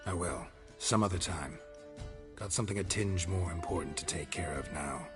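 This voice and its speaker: Deep gruff witcher guy, man voicing him, short flat lines, game music behind. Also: normal speed, close to an everyday voice. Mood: terse. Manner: terse, flat delivery. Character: grim terse male witcher, calm and weary. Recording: game audio under music.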